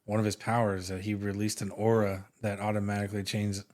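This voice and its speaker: A man co-hosting a podcast, chatting in a relaxed, joking way and trailing off mid-sentence. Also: fairly low pitch, brisk. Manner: laid-back and jokey, trails off mid-sentence. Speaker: podcast co-host. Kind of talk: casual podcast chat.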